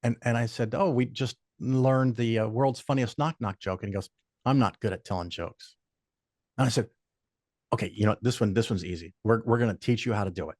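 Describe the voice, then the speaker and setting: An older man appears as a podcast guest, telling profane, animated stories in casual chat, swearing often and doing quoted voices. His voice sits at medium pitch and moves fairly quickly. The recording is clean studio sound with no echo.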